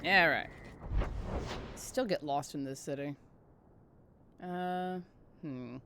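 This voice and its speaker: A woman's voice: sits low, slow, a little hiss or hum. A woman streamer chatting casually while playing a video game. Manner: chatty, relaxed, reminiscing. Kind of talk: casual gameplay commentary.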